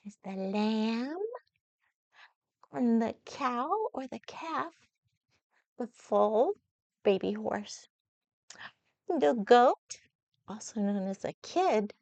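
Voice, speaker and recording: An older woman reading gently to young children, coaxing them with questions in a slow, sing-song manner. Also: fairly high pitch, no echo. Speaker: children's storyteller. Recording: dull lo-fi sound.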